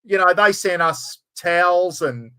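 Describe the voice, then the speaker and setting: A man's voice: sits high, a little slow, pushed and bright, clear, resonant tone, poor audio. An older Australian man hosting a casual live-stream chat, friendly and matey, calling everyone mate. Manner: matey, says "mate" constantly. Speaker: host.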